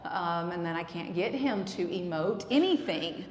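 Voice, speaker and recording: A woman's voice: lowish voice, lively intonation, unhurried. Woman counseling couples in an echoey hall. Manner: earnest, explanatory, with fillers. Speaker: marriage counselor. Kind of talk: church talk on marriage. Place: church hall. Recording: echoey hall, faint ambience.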